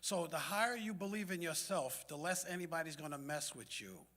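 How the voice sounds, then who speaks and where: A man with a slightly high voice tells a streetwise personal story to a gathered group. His words ring out with a long reverb from the hall. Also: lively intonation, brisk, bright, forceful tone. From South Bronx, New York. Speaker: community meeting speaker.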